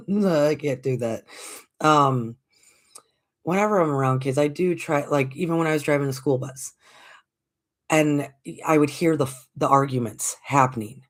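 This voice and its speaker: Telling a story casually on her livestream, a forties-aged American woman speaks in a low voice at a moderate pace with frequent pauses. She stays animated, impersonating the people she quotes and laughing a lot.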